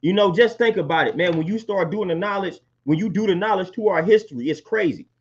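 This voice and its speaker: High-voiced guy ranting on a live stream, keeps repeating himself, muffled lo-fi sound. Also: fast, breathy edge. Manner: preachy, repeats phrases for emphasis. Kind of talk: impassioned monologue to live chat. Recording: dull lo-fi stream audio.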